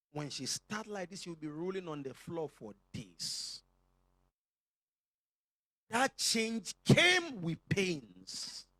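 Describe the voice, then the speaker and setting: A male pastor with a Nigerian accent and a somewhat high voice preaches a sermon to his church, cracking jokes and calling for responses from the congregation. The recording is dry.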